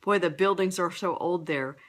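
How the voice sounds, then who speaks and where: A woman's voice: lowish voice, normal speed. A middle-aged woman with a Texan accent, a business coach chatting upbeat on a live broadcast and greeting viewers, stumbling over names.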